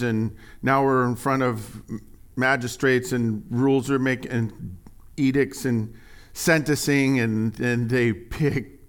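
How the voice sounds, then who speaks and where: Male pastor, conversational sermon, animated, rising emphasis on scripture, mid-pitched voice.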